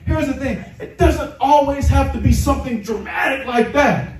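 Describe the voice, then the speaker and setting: High-voiced male pastor in a roomy hall. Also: a little fast, hardly any pauses, far from the mic. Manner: animated, chuckling storyteller who acts out dialogue. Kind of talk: sermon with personal storytelling. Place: church sanctuary.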